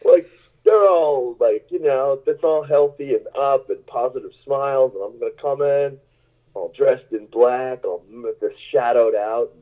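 A man's voice: mid-range voice, measured pace. A male musician telling rambling, self-mocking stories in a casual interview, laughing often, over a tinny phone-like line. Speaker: musician guest.

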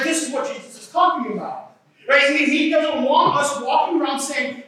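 A man's voice: very high voice, fairly even intonation, moderate pace, sharp tone. Pastor, male, conversational sermon, "right?" after each point, heard from far off in a very echoey hall. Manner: conversational, keeps asking "right?". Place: church hall.

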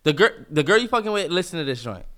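Man, young adult, podcast co-host, high voice, bright tone, heated banter, swearing. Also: quick pace. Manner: animated, swearing, mocking impressions of his brother.

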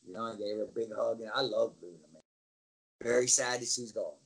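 Man, middle-aged, former wrestler, casual anecdotes, animated, acts out voices. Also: fairly low pitch, a little fast, creaky, slightly rough, poor audio. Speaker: interview guest, former wrestler. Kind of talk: casual storytelling.

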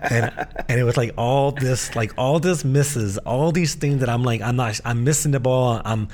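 A man's voice: medium pitch, moderate pace, a little mellow, a little hiss or hum. A man, a podcast co-host and pastor, telling his life story in casual conversation, earnest and full of restarts. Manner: earnest, with frequent restarts and fillers.

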